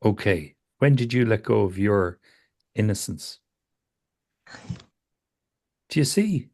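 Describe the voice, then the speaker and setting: Low-voiced man, calm and probing. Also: moderate pace. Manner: calm, probing questions, repeats phrases. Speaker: psychotherapist. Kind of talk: therapy session conversation.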